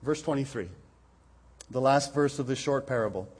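Husky-voiced man preaching a sermon. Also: medium pitch, normal speed, pauses often, darkish tone. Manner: earnest, explaining with rhetorical questions. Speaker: pastor. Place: church hall. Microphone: pulpit microphone.

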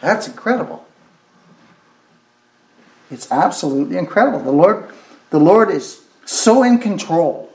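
Preacher guy going on with fervor, says things twice, kinda high voice, echoey room. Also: big pitch swings, measured pace, gravelly, pauses often, darkish tone. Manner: fervent, repeats phrases, exclaims "oh my". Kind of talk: sermon.

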